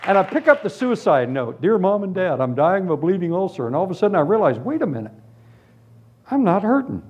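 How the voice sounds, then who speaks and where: A man preaching his own testimony, his fairly high voice swinging from near-whispers to ringing shouts. He tells the story with animated energy over a faint hiss of background noise. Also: fast, dull audio. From Florida, US. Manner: animated storytelling, drops to hushed tones then bursts into shouts. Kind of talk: testimony sermon.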